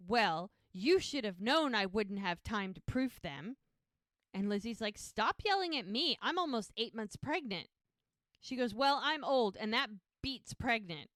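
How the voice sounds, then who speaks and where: Smooth-voiced woman recapping a show. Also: a little high, a bit bright, no echo, clean studio sound. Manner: retells scenes, quoting characters. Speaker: podcast co-host. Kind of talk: casual episode recap.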